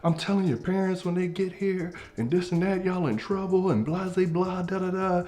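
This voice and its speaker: A man voicing a stern woman teacher who scolds a child, in a raised, shrill voice. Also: normal speed, dark tone, natural voice. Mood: scolding.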